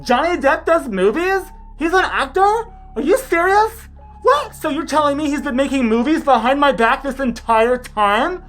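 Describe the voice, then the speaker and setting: A woman's voice: sits high, animated, moderate pace, faint music behind. A woman voicing a clueless young woman who acts shocked and feigns ignorance, in a mocking comedic bit. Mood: mock disbelief. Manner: squealing disbelief.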